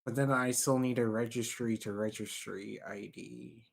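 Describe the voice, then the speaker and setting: A man, a fellow modder, explaining technical problems in casual livestream chat, halting and hesitant. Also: mid-range voice, steady tone, gravelly.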